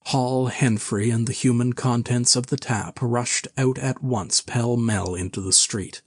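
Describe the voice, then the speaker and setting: A man reading a classic novel aloud with measured, even storytelling. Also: mid-range voice. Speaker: narrator. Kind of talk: scripted narration of a classic novel.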